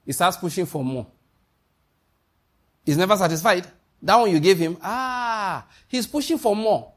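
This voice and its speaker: Husky Nigerian preacher man. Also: high voice, animated, measured pace. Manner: emphatic, repeats key lines, quizzes the listeners. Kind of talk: sermon.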